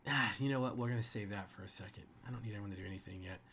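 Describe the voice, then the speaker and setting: A man narrating as game master of a tabletop game, slow and descriptive. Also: lowish voice, fairly bright tone, slightly rough.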